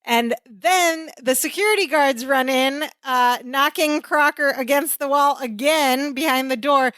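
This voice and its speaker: A woman's voice: sits high, a little slow, no echo. A woman co-hosting a podcast, giving a casual play-by-play recap of a sitcom episode and acting out the characters' lines. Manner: animated play-by-play retelling with acted-out quotes. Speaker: podcast co-host.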